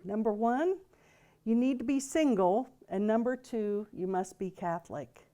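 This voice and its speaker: A woman voicing an old nun in a joke she tells, gentle and indulgent in tone. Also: fairly high pitch, animated, a little slow. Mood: sly. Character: elderly female nun, calm and sly, in a told joke.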